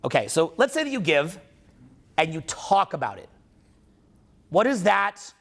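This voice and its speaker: Lively, gravelly man coaching a crowd. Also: sits high, unhurried. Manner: profane, emphatic, quizzes the audience. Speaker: social skills coach. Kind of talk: live seminar talk to an audience. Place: seminar room with an audience.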